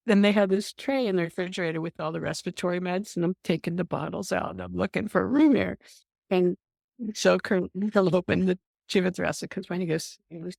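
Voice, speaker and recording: Speaking in a creaky, lowish voice at a moderate pace, an older nurse being interviewed tells her stories vividly. She voices the people she quotes and says "um" frequently, with clean studio sound and no room sound.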